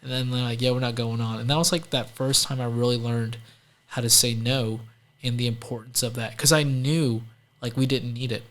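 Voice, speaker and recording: A man's voice: mid-range voice, fairly even intonation, normal speed, a bit bright. Chatty man telling stories, full of "like"s. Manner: chatty, heavy use of "like", acts out quoted people. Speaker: entrepreneur guest. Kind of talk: casual storytelling interview.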